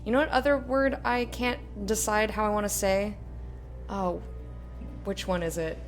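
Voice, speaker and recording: A woman's voice: mid-range voice, fairly even intonation, measured pace, faint music behind. Chatty woman rambling over gameplay. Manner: rambling, chatty, self-mocking. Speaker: let's play streamer. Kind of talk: casual gameplay commentary.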